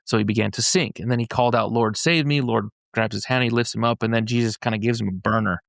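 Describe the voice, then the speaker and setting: A man with a gravelly, fry-tinged voice talks through a scripture story in a casual podcast conversation. He retells it in loose everyday slang and often trips into restarts. The sound is close and dry, with no room around it. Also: lowish voice, level tone, quick pace, no echo. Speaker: podcast speaker explaining a faith-based framework. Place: podcast studio in Utah.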